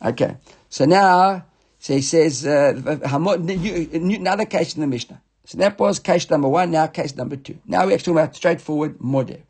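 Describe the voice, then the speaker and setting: Husky man teaching a Talmud class. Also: on the high side, fairly quick, a little mellow. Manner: mixes Hebrew-Aramaic readings with English explanation, frequent self-corrections. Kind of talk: informal text study class.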